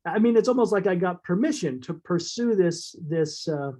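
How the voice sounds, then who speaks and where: A man as an interview guest, telling a personal story in a halting, heartfelt way with fillers and restarts. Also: high-pitched, lively intonation, dark tone.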